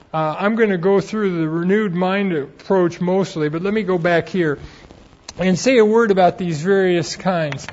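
A man's voice: sits high, a little mellow. A man giving a theology lecture in an earnest, explanatory way, weaving in personal stories. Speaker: Bible teacher. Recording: dull lo-fi recording.

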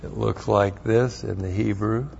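Slow, emphatic male Bible teacher. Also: lowish voice, steady tone, vocal fry, a little mellow, highs cut off, slight background noise. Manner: emphatic, repeats key phrases, spells out Hebrew letters. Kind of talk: expository sermon with Hebrew word study.

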